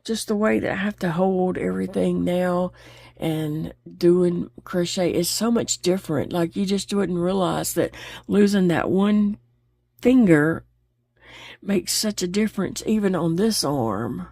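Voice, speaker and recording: A woman's voice: fairly low pitch, a little slow, creaky, darkish tone, no room sound. A woman chatting openly while she crochets, laughing easily as she talks. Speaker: crochet vlogger. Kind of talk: casual chat while crocheting.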